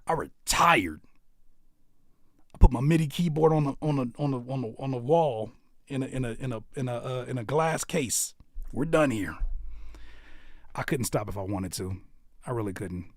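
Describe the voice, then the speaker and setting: A man hosting a live stream, reacting to viewer music with animated, slangy, profane joking banter and teasing the chat. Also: mid-range voice, normal speed, long pauses, no room sound, clean studio sound. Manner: reads out chat comments and teases viewers.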